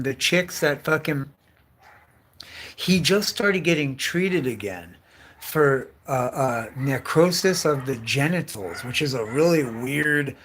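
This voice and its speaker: A man's voice: a little high, fairly bright tone. A man hosting his own livestream, telling loose run-on stories packed with cursing. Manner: heavy profanity, loose run-on storytelling. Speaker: livestream host. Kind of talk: casual rambling livestream rant.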